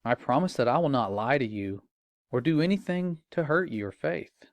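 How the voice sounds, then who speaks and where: Courteous, reassuring chatbot read out by a man, middle pitch, dry recording. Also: animated, normal speed, no echo, close to an everyday voice. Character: polite, soothing AI chatbot read as a demon.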